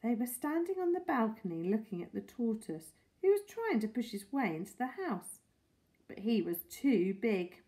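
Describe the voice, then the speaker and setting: A woman reading a children's story aloud with expressive, animated storytelling. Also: a little high, moderate pace, poor audio. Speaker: storybook reader.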